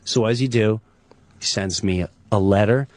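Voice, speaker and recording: A man's voice: lowish voice, moderate pace, no room sound. A man telling a comic story as a radio guest, acting out the voices of everyone in it. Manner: animated, acts out voices. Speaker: comedian guest.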